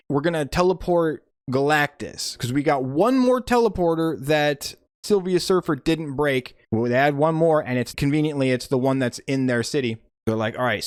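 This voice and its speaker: A man's voice: medium pitch, dry recording, studio quality. Sarcastic young man recapping a movie. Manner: sarcastic, profane, acts out characters in quick voices. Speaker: movie reviewer.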